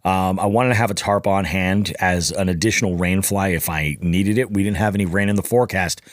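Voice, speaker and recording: A man on a podcast tells a casual story full of profanity, animatedly acting out the lines people spoke. He has a low voice and talks a little fast, with no room sound.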